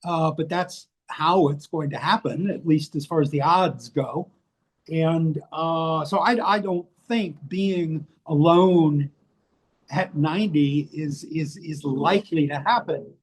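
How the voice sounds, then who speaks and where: Older american guy, kinda high voice, swears a lot, brutally honest interview chat. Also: takes it slowly, husky. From United States. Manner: blunt, profane, self-mocking. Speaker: interview guest, author. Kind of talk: candid casual conversation. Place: rainy place indoors, rain outside.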